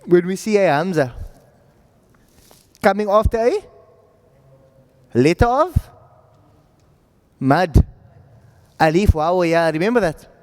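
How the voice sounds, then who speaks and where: High-voiced male teacher in an echoey hall. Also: unhurried, long pauses, a little mellow. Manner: informal, checks understanding often with "right?". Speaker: Quran recitation teacher. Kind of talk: classroom teaching. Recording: echoey classroom audio.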